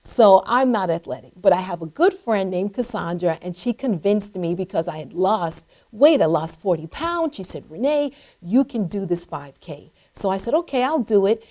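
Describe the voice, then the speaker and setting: A woman's voice: medium pitch, normal speed, hardly any pauses. A middle-aged woman hosting a show, telling an inspirational personal story and acting out the voices of the people in it. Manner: animated, acts out voices in her story. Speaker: host.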